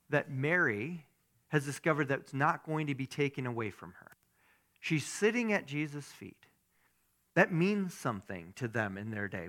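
A male pastor preaching a conversational sermon, often checking in with the congregation with "right?" and acting out bits. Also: on the high side. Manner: conversational, animated, asks the congregation questions.

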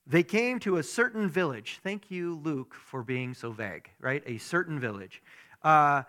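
A male pastor preaching in a relaxed, conversational way, often tossing "right?" to the congregation. His voice is bright and forward, sitting a bit higher than most men's. He moves between explaining and playful asides. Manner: conversational, animated, asks the congregation questions. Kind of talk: sermon.

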